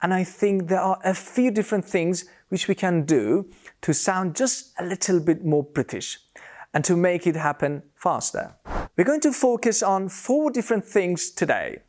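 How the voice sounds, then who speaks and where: A man's voice: high voice, animated, measured pace, darkish tone. A man teaching British English pronunciation, speaking carefully and repeating example words to demonstrate sounds. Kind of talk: scripted lesson to camera.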